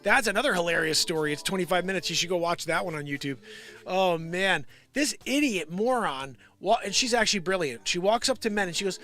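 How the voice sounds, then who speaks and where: Hosting his daily comedy livestream, a man rambles and riffs on the news, greets viewers by name, and quotes people in squeaky voices during the improvised chat. He's a fast talker with lively intonation, and loud music plays in the background.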